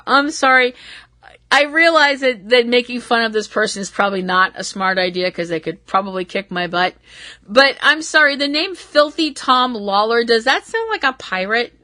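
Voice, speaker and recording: A woman from Massachusetts hosts a laid-back wrestling recap, her voice bright and clear. She wanders onto tangents, giggles at her own jokes and keeps apologizing. It sounds dry and close to the mic. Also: on the high side, animated, normal speed, no echo. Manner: rambling and self-deprecating, laughs at herself. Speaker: podcast host.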